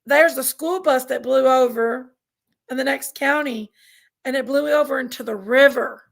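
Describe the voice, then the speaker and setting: A woman with a high voice and gravelly fry chats with her viewers. She talks effusively and rambles, restarting her sentences as she goes. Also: moderate pace. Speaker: live stream host. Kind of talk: casual live chat reading comments.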